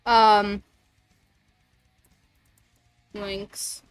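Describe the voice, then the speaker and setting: A woman's voice: mid-range voice, flat delivery, drawn-out words, clear, resonant tone, soft background music. A woman streamer chatting casually and rambling, swearing freely between thoughts. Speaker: streamer and voice actor. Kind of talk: casual livestream chat.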